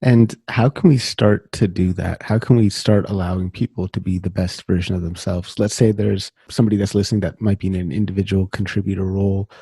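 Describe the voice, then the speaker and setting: A man's voice: low voice, fairly even intonation, a little fast, few pauses, mellow, breathy edge, dry recording. A man hosting a podcast interview, asking friendly, thoughtful questions and rephrasing them as he goes. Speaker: podcast host.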